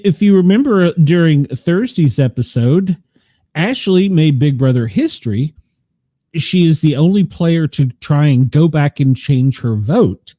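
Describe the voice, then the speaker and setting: Animated gossipy man recapping reality TV. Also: a little high, dry recording. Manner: gossipy, animated, retells scenes with quotes. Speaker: podcast co-host. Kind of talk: casual reality-show recap chat.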